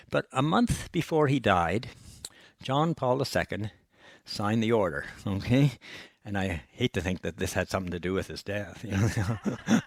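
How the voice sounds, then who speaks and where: An older man, a priest giving a gentle, folksy personal testimony that is often broken by soft chuckles. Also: fairly low pitch, no echo, clean studio sound.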